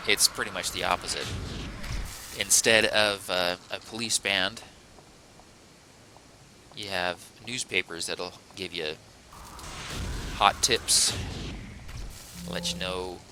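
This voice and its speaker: A man's voice: sits low, steady tone, slow pace, long pauses, bright, forceful tone, slight background noise, rough recording. A man hosting a let's play, chatting casually through the gameplay in a rambling, self-correcting, playful way.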